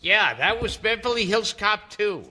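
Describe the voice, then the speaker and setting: A man's voice: high-pitched, sing-song, unhurried, sharp tone, husky. A man hosting a podcast interview, introducing his guest with a wry, joking delivery. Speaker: podcast host.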